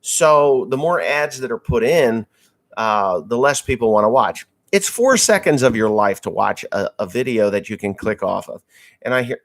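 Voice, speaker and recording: A man's voice: medium pitch, lively intonation, moderate pace. A man from Massachusetts, a farmer hosting a live stream, chatting casually and bluntly with crude jokes as he answers viewer messages.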